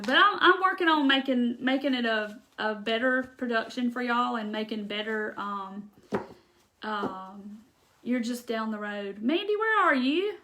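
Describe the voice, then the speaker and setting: A woman chatting casually on a live craft stream, reading out viewer comments and rambling warmly with ums and laughs. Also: fairly high pitch, slight background noise.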